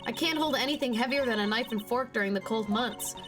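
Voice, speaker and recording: A woman's voice: on the high side, fast, voice pushed up, lightly acted. A woman voicing a chatty older nun with a bad back, using a put-on country accent. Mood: complaining. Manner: folksy, chatty and self-pleased. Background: game music.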